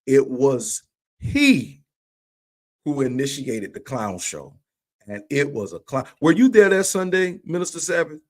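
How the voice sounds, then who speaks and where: A man's voice: mid-range voice, animated, unhurried. A man in a livestream conversation, telling a church story with animation and acting out the dialogue. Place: remote livestream call.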